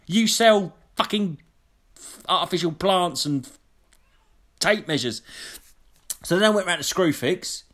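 A man's voice: high-pitched, a little slow, long pauses, fairly bright tone. A man telling a long, sweary, indignant story in casual chat. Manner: sweary, indignant, mimics people in his stories.

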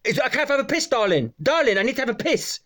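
A man doing a swearing Welsh customer, high. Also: big pitch swings, rapid-fire, fairly bright tone, heavily acted. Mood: demanding. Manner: crude, swearing, insistent. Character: angry male customer demanding the toilet.

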